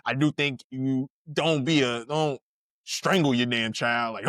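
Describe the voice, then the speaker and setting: A man's voice: mid-range voice, fairly even intonation, measured pace, a bit bright, clean tone, no echo, clean studio sound. A man in his thirties, a podcast co-host, telling stories in casual chat with slang, laughter and frequent restarts.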